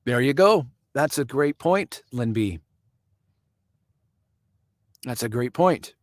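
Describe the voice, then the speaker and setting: A chatty live-stream host with a dry, close, medium-pitched voice speaks slowly with lively intonation and no room sound. He reads viewer comments in casual commentary, chuckling often and answering people by name.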